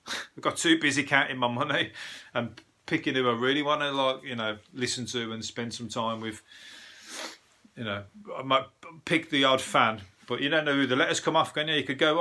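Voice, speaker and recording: A man's voice: mid-range voice, steady tone, normal speed, bright, forceful tone. A middle-aged man with a Birmingham accent, a comedian and podcast host rambling through the news in a casual solo chat, swearing freely and laughing at his own jokes.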